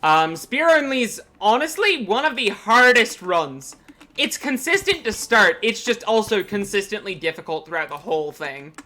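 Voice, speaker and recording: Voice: medium pitch, very animated, moderate pace, bright, forceful tone. A streamer giving live gameplay commentary, chatty and rambling with frequent ums.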